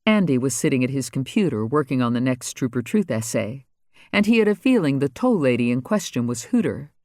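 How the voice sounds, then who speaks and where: A man reading a crime thriller audiobook as narrator in a steady, even way. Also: medium pitch, fairly quick, dry recording, studio quality. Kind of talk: scripted narration.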